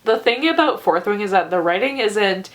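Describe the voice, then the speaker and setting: A woman's voice: mid-range voice, animated, normal speed. A woman reviewing books in a casual vlog, ranting in an exaggerated way and laughing often. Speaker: book reviewer.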